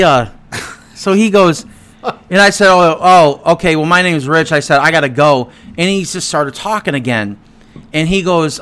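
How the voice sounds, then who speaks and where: Animated, profane man telling a story. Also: on the high side, smooth. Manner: animated, profane retelling with quoted dialogue. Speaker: podcast co-host. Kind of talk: casual storytelling chat.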